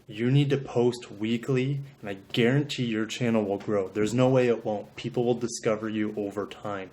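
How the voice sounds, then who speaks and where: A man talking to camera in an even, middle-pitched voice, sharing tips for growing a channel. He sounds earnest and a bit self-deprecating, and he often doubles back and repeats words as he explains. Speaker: YouTuber. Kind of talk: advice monologue to camera.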